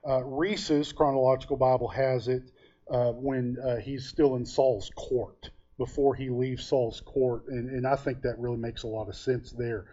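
A man delivers a relaxed, conversational sermon and drifts easily into homespun stories, pausing often to find his words. His voice sits at an ordinary middle pitch. The recording sounds dull and lo-fi. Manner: folksy storytelling with frequent hesitations. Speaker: preacher.

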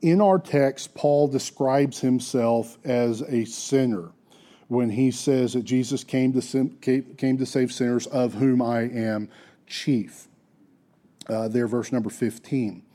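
A man's voice: mid-range voice, steady tone, slow pace, dark tone. A man preaching a sermon in an earnest, emphatic way, with restarts and casual asides.

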